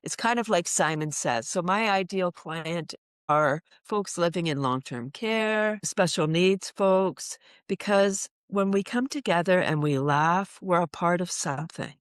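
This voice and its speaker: A woman's voice: on the low side, a little slow, dry recording. A woman who teaches laughter yoga, talking in a casual interview and acting out little voices and laugh sounds as she goes. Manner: animated, acts out voices and laughs.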